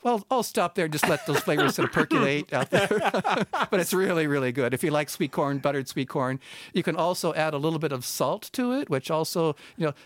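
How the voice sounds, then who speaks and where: A man's voice: fairly high pitch, expressive, brisk, fairly bright tone, no room sound. A middle-aged man, a food science professor, answering callers on a radio show with many restarts and fillers.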